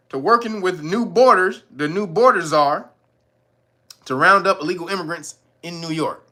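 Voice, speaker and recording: A male host giving casual, animated commentary, swearing freely and often breaking into laughter. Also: high voice.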